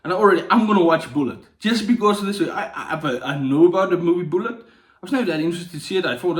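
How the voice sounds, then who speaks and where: A man's voice: on the high side, lively intonation, fast talker. A man hosting a casual book review vlog, talking in a playful way with jokey asides and many restarts. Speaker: book channel host. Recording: roomy echoey room.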